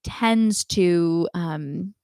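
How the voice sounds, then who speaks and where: A woman singing teacher answering viewers' chat questions in a live online lesson, thoughtful and unhurried, with many ums and restarts. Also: fairly low pitch, a little mellow, no room sound, clean studio sound.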